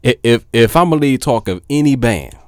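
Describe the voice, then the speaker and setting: A man, a DJ talking casually to his viewers, filling pauses with "um", then turning animated and emphatic. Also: medium pitch, no echo, studio quality. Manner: laid-back with many fillers, then animated and emphatic. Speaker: DJ and vlogger. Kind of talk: casual talk to camera.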